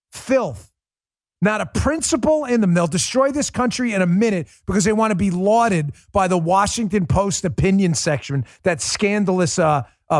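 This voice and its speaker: A middle-aged man rants in a fired-up, scornful political monologue, hammering his points with insults and repetition. His voice sits high and swings widely in pitch. The sound is close and dry, with no room around it. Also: no echo. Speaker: political commentary host.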